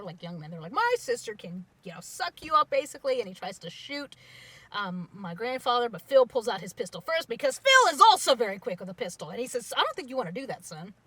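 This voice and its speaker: A young woman casually telling a family story, animated and getting loud and excited at the dramatic parts. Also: medium pitch, slightly rough.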